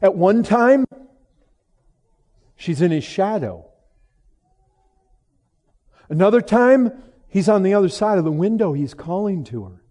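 A man preaching a sermon, moving from hushed, low passages to raised, emphatic lines. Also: animated, a little slow, pauses often. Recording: long hall reverb.

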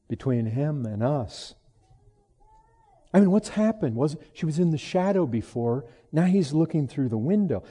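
A man preaching a sermon, moving from hushed, low passages to raised, emphatic lines. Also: slightly rough. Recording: long hall reverb.

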